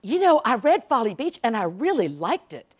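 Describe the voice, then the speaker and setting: A woman's voice: fairly high pitch, very animated, moderate pace, voice pushed up. A woman quoting her grudging ninety-three-year-old mother-in-law. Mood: backhanded. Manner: backhanded, dry.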